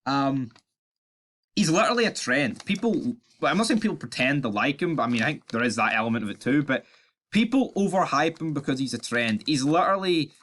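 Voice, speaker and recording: A man's voice: medium pitch, lively intonation, a little fast, fairly bright tone. A young man with a Scottish accent hosts his own channel, ranting his opinions in a blunt, sarcastic, sweary way and often stumbling over his words. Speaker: YouTube channel host.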